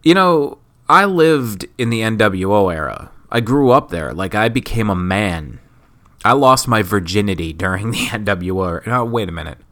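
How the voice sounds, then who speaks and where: A man in his thirties from Wisconsin talks through his solo podcast while sick. His voice sits a little low but comes across bright and forceful. He rambles, jokes at his own expense, and keeps going. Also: animated, moderate pace. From Wisconsin, USA. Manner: rambling, self-mocking, jokey. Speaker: podcast host. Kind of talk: casual solo podcast commentary.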